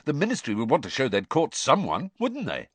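A man's voice: medium pitch, huge pitch swings, brisk, slightly rough, no room sound, pitched above the performer's own voice. A man voicing a blunt, easygoing teenage boy. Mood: offhand. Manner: offhand, casual.

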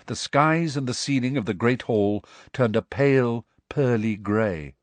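A man narrating a storybook aloud in an expressive storytelling manner. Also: mid-range voice, unhurried, no room sound. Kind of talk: audiobook narration.

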